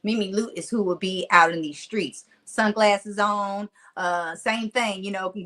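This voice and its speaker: A middle-aged woman with a Mississippi accent and a country twang, a motivational speaker chatting as a guest, animated and laughing often. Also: medium pitch, a little slow. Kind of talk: casual storytelling interview.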